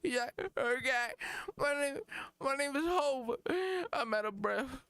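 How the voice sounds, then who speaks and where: Man doing a aging rap star, out of breath, high pitched, boastful, confused, close dry sound. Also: slow pace, bright, forceful tone, smooth, no echo, full character voice. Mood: winded bragging. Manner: breathless, bragging, then bewildered.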